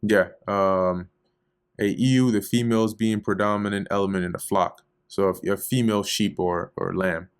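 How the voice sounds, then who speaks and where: Low-voiced man reading and explaining scripture. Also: steady tone, moderate pace, clear, resonant tone. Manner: reads archaic verses, then explains them in loose slangy paraphrase. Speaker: Bible study teacher. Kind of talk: casual scripture reading and commentary.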